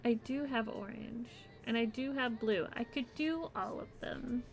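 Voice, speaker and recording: A woman's voice: fairly high pitch, a little slow, soft background music. A woman streamer chatting casually with her viewers while crocheting, giggling often and yawning near the end of her stream.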